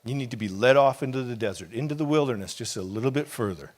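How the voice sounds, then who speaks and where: A man's voice: mid-range voice, fast. A middle-aged man, a pastor, preaching a sermon with impassioned, conversational delivery and casual asides.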